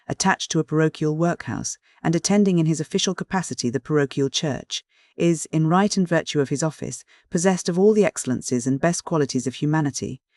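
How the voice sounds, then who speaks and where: A man narrating a classic novel in a formal, measured reading style, close to the microphone. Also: a little high, a little mellow, dry recording. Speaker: audiobook narrator. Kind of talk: scripted narration.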